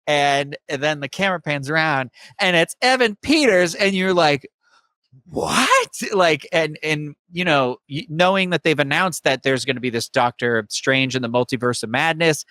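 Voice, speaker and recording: Bright, clear-voiced man chatting eagerly. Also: fairly high pitch, no room sound. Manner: enthusiastic, rambling fan explanations. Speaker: podcast co-host. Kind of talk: casual podcast chat.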